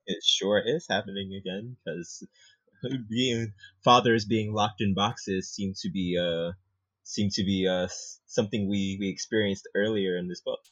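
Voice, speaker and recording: A man with a very low, husky voice co-hosts a casual book podcast and drops wry jokes about the plot. The sound is dry and dull, as if from a cheap mic. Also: fairly even intonation, unhurried, a bit bright, no echo. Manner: wry, joking asides. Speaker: podcast co-host. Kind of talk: casual book discussion chat.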